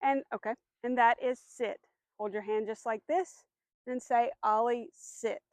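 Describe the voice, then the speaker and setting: Woman dog trainer, high voice, patient explaining, firm commands, dry sound. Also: steady tone, measured pace, a little mellow, no room sound. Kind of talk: instructional demonstration.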